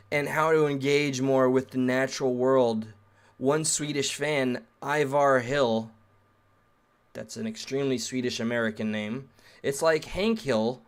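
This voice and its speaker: A man reading an article aloud and breaking off into sarcastic, rambling asides in a casual reaction rant. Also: mid-range voice.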